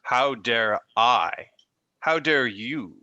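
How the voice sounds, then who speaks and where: A man's voice: medium pitch, lively intonation, very slow, sharp tone, no echo, lo-fi sound. A man playing a tabletop role-playing game, speaking as a dry, sarcastic starship captain. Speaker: player.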